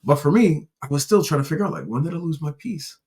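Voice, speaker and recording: A man's voice: on the high side, expressive, fast talker, a little mellow. A man hosting a casual solo podcast, telling personal stories in a rambling, candid way with restarts and casual profanity. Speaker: podcast host.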